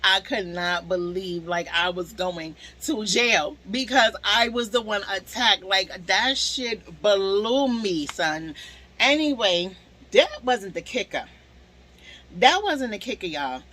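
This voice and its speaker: A young woman telling a storytime to her viewers in a casual, animated way, swearing freely. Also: mid-range voice, slow pace, low-quality recording.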